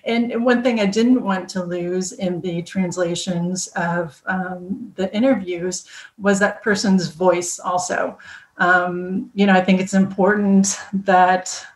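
A woman's voice: on the low side, steady tone, takes it slowly. A woman who works as a translator, speaking as a podcast guest in a hesitant way with many ums and restarts. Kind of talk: casual podcast conversation. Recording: roomy echo.

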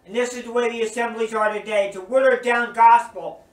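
A man's voice: very high-pitched, fairly even intonation, a little fast. A man preaching a sermon, earnest and emphatic, repeating his points. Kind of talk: recorded sermon teaching. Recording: roomy echo, distant from mic.

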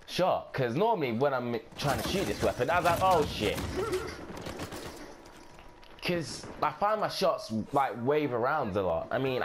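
Sweary man with a lively voice. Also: medium pitch, background noise. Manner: offhand and sweary, thinking aloud. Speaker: gameplay commentator. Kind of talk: casual gameplay commentary.

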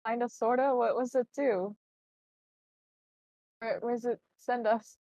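A woman's voice: a little high, steady tone, a little slow, mellow, no echo. A young woman in a roleplay, speaking hesitantly with many fillers and frequent exclamations. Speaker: roleplay player. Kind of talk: Minecraft roleplay acting. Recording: dull lo-fi, dry.

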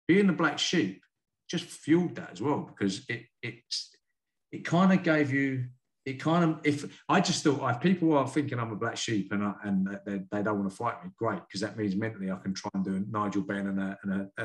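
A man from the UK, a karate sensei and boxing coach, telling stories frankly and earnestly as a podcast guest. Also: medium pitch. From United Kingdom. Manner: frank, earnest, quick to admit feelings. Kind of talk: candid storytelling in a podcast interview.

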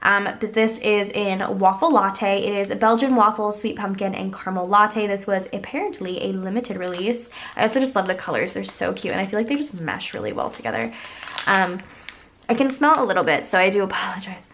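A woman's voice: medium pitch, lively intonation, brisk, fairly bright tone, slight background noise. A young woman with a congested, stuffy voice, chatting casually and rambling through a shopping haul with lots of filler words. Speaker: haul vlogger.

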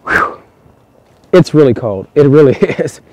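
Earnest man with a dark voice, coaching. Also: on the high side, expressive, a little slow, no echo, highs cut off. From United States. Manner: earnest, repetitive coaching with casual swearing. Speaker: dating coach. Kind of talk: motivational vlog monologue. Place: outdoors in the cold.

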